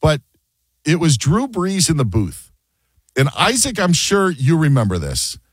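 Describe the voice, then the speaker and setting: A man hosts a sports talk radio show in a loose, joking way, slipping into quick impressions. His pitch swings widely as he talks. The studio sound is dry and close. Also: breathy edge, no room sound. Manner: animated, jokey, acts out quotes.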